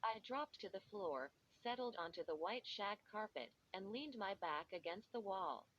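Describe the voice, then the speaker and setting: A woman reading a first-person storybook in a measured way, even speaking punctuation marks aloud. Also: medium pitch. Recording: dull lo-fi with faint hiss.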